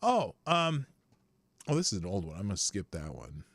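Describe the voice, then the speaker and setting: A man hosting a live show, rambling through casual commentary with frequent swearing and sudden jumps in pitch. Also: wildly swooping pitch, normal speed, a bit bright, no room sound.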